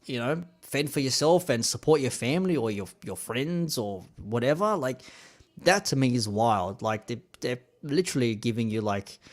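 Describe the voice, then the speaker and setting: A man's voice: medium pitch, lively intonation, normal speed. Laid-back Australian man chatting on stream. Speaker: live-stream host. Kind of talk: casual live-stream chat.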